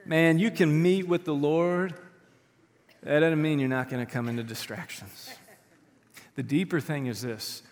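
A man in his thirties preaching a sermon as a pastor, telling animated, humorous stories from the stage of a church. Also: mid-range voice. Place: church sanctuary. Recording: long church-hall reverb.

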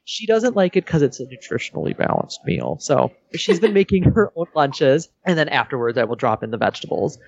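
A man's voice: on the high side, lively intonation, a little fast, creaky, hardly any pauses, breathy edge. A man co-hosting a parenting podcast, telling stories in a casual, upbeat, self-mocking way. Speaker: podcast co-host. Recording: dry, dull lo-fi sound.

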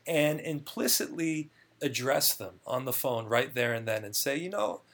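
A man with a gravelly, creaky edge to his voice speaks in a relaxed interview. He explains things earnestly and at length, often stumbling and repeating words before a thought gets going. His pitch sits in an ordinary middle range. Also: moderate pace. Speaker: clinical research guest. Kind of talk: conversational interview.

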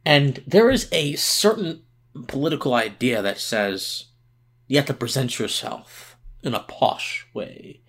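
A man's voice: mid-range voice, a little slow, a bit bright. A tired man hosting a political podcast, giving passionate commentary with emphatic restarts and repeated words.

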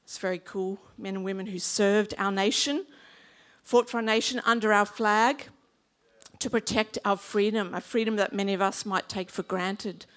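A woman's voice: mid-range voice, steady tone, moderate pace, a bit bright. Chatty Australian woman pastor preaching. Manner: chatty, humorous, engages the congregation. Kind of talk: sermon.

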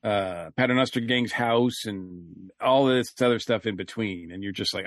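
A man's voice: lowish voice, normal speed, no echo, studio quality. A man co-hosting a casual review podcast, talking in a rambling way with lots of fillers and restarts. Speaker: podcast co-host.

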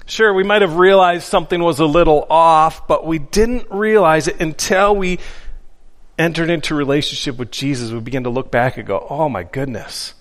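A man's voice: fairly high pitch, moderate pace. A man preaching a sermon from the pulpit, earnest and emphatic, repeating his key phrases for weight. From Upper Midwest of the US. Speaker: pastor. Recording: long hall reverb.

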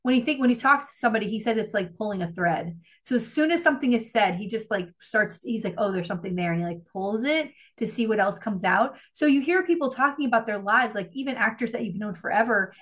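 A woman's voice: fairly high pitch, fast, few pauses, a bit bright. A woman co-hosting a podcast in casual chat, rambling and gushing, swearing freely as she tells a story. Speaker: podcast co-host.

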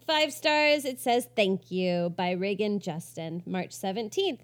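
A woman's voice: mid-range voice, lively intonation, a little slow. A woman co-hosting a podcast, chatting casually and reading listener reviews aloud in a bubbly, giggly way with many fillers. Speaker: podcast co-host.

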